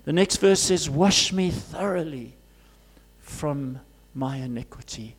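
A man preaching a sermon to his congregation as pastor, grew up in Zimbabwe, swinging from loud urgent cries to soft hushed asides. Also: a little high, animated, a little slow.

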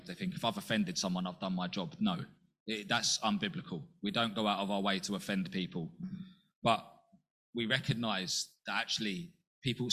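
A man preaching a sermon in an earnest way, asking rhetorical questions and jumping up in pitch to act out quotes. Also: a bit bright.

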